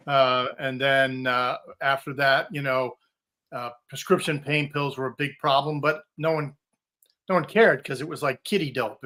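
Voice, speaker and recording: An older man, a retired drug agent, giving steady, informed answers as a podcast guest. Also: medium pitch. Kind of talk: interview answers.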